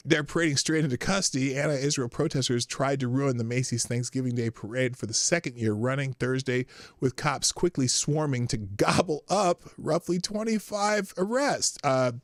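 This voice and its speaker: A man's voice: mid-range voice, normal speed, no echo. A male host on a live stream, talking casually and reading news items aloud between laughs. His voice sits in an ordinary middle register. The sound is close and dry. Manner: chatty, laughs often, reads articles aloud.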